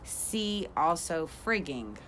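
A woman's voice: low-pitched, big pitch swings, takes it slowly, fairly bright tone, slight background noise. A woman co-hosting a casual chat podcast, giggly and playful as she reads slang definitions aloud. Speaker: podcast co-host.

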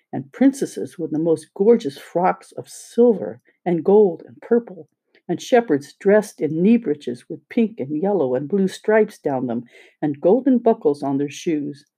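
An audiobook reader narrating a children's story in a steady, plain way. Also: medium pitch.

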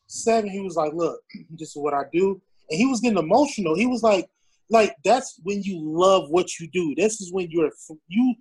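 A man's voice: sits high, darkish tone, breathy edge, poor audio. A man in casual podcast chat, talking loosely with frequent swearing and restarts.

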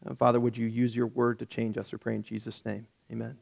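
A male pastor giving a casual Bible-teaching sermon in a relaxed, self-correcting way with light jokes, and reading scripture aloud with rising emphasis. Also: mid-range voice, quick pace, creaky.

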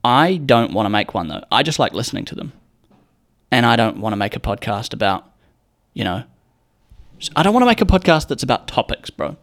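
A man's voice: medium pitch, big pitch swings, brisk, fairly bright tone. A young man hosting a casual solo podcast, rambling and joking with plenty of swearing and acted-out quotes. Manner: rambling, profane, jokey, acts out quotes. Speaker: podcast host.

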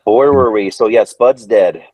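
A man's voice: lowish voice, moderate pace, a little mellow, dry recording. A man hosting a podcast in casual chat, recapping scenes with much laughter and mimicry. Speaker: podcast host.

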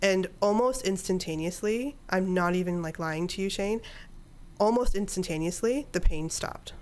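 A woman in her thirties, guesting on a podcast, tells a personal story in casual conversation and acts out her own inner dialogue. Her voice is medium-pitched at normal speed.

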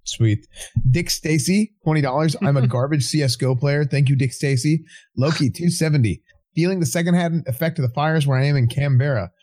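A man's voice: on the high side, brisk, darkish tone. A man co-hosting a charity livestream, reading donation messages aloud in an easygoing way. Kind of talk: casual livestream chat.

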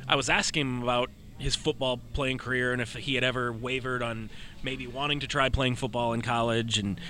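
Bright punchy guy on a sports podcast, tells stories and does the voices of whoever he's quoting. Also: medium pitch, fairly even intonation, a little fast, a little hiss or hum. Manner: storytelling, acts out quotes. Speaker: podcast co-host. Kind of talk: casual sports chat.

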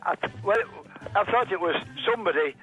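A man's voice: sits high, lively intonation, a little fast. An older man chatting politely and hesitantly on a phone call, often restarting his sentences. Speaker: prank call target. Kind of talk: phone conversation. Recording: muffled phone audio with faint music.

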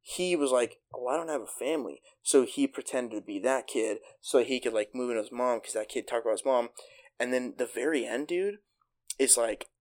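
A man's voice: medium pitch, moderate pace. A man hosting a casual podcast chat, eagerly retelling a movie plot with lots of swearing and filler words. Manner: excited retelling, heavy swearing. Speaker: podcast host.

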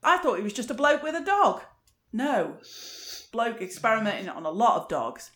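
A woman's voice: on the high side, very animated, moderate pace, fairly bright tone. Wry woman telling a story. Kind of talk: casual chat.

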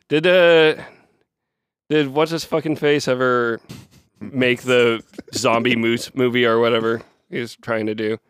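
A man's voice: medium pitch, fairly even intonation, a bit bright, clear, resonant tone, dry recording, studio quality. A man co-hosting a podcast in casual banter, laughing often, swearing and joking. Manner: laughing, swearing, quick to joke. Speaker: podcast co-host.

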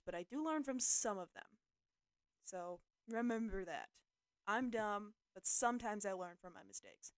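A woman's voice: mid-range voice, no room sound. A young woman hosting a podcast, chatting casually and rambling with lots of fillers, poking fun at herself. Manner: rambling, self-deprecating, filler-heavy. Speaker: podcast host. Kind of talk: casual solo podcast talk.

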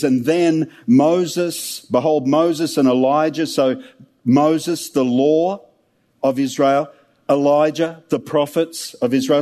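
High-voiced male preacher. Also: mellow. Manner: conversational, humorous storytelling of scripture. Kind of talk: sermon.

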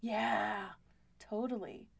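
A woman co-hosting a podcast in casual chat, giggly and animated, swearing freely. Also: mid-range voice, very slow, gravelly, slightly rough, dry recording. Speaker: podcast co-host.

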